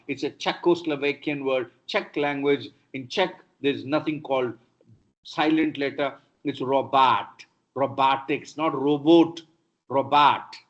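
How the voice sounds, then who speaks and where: A man's voice: fairly high pitch, dull audio. A male professor with an Indian English accent, a native Telugu speaker, gives a pronunciation lecture and repeats drill words with emphasis. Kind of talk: lecture with spoken word drills. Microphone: online lecture computer mic.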